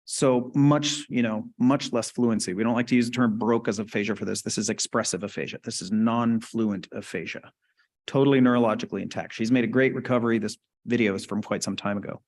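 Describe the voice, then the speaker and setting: A man's voice: lowish voice, fairly even intonation, a little fast, a little mellow. A man giving a conversational clinical lecture at a conference, often checking in with the audience. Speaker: conference lecturer on stroke speech therapy.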